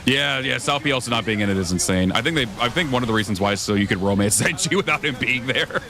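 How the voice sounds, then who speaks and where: A man's voice: medium pitch, animated, fast talker, vocal fry, sharp tone, a little hiss or hum. A young man streaming a video game, chatting casually with his viewers, swearing often and rambling between thoughts. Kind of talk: casual gameplay commentary.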